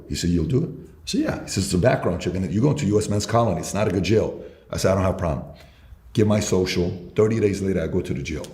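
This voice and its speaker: A man's voice: on the low side, warm tone, roomy sound. A man telling an emphatic sales story in conversation, acting out his own dialogue. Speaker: sales mentor guest.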